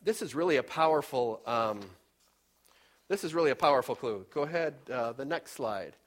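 A male preacher delivering a sermon with scripture readings, fervent and emphatic, often slowing down to stress key points. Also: mid-range voice, animated. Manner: fervent, emphatic, varies pace for effect. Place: church with slides.

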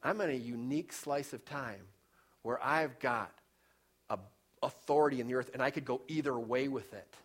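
A man preaching a sermon, telling a story with fervent, pleading emphasis, swinging between loud, high bursts and quiet, low passages. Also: moderate pace, slightly rough. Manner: storytelling, rises and drops in loudness for emphasis.

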